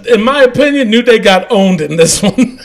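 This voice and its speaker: Podcast host, male, high and animated voice, casual and giggly, reads listener comments. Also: moderate pace, creaky. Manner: animated, laughing often, trailing off quietly.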